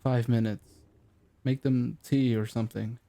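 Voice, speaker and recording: A gruff, exhausted ex-soldier turned detective who speaks in short, terse bursts, voiced by a male narrator. The voice is deep-toned and dark, with a gravelly rasp. It is the lead character in an audiobook. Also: level tone, a little slow.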